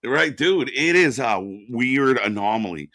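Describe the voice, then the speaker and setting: A man's voice: medium pitch, expressive, unhurried, pushed and bright, no echo. A man co-hosting a live wrestling watch-along stream, chatting casually, laughing often and greeting chat viewers by name.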